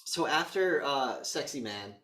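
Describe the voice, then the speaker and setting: A man co-hosting a podcast, retelling a movie's plot in casual chat and slipping into quick voice impressions. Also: mid-range voice, lively intonation, a bit bright. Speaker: podcast co-host. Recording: roomy echo, mic a bit distant.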